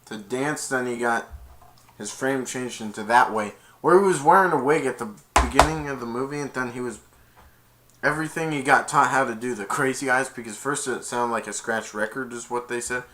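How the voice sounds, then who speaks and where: A man recapping a movie in a casual, rambling way, excited, restarting sentences and chuckling as he goes. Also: medium pitch, normal speed, background noise. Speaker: movie reviewer.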